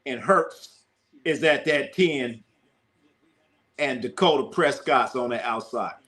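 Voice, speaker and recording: Hosting a live sports talk stream, this man speaks slowly at a medium pitch, yet stays excitable and chatty, bouncing off viewer comments and repeating points for emphasis.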